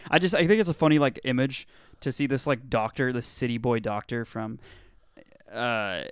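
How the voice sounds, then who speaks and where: A man's voice: medium pitch, moderate pace, smooth, dry recording, clean studio sound. A man co-hosting a casual comedy podcast, rambling and joking with lots of fillers and restarts. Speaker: podcast co-host.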